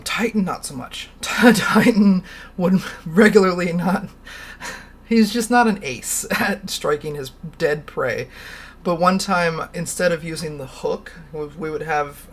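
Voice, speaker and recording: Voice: mid-range voice, fairly bright tone. Rambling, laughing livestream host. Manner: rambling storyteller, laughs often, swears casually. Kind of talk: casual livestream chat.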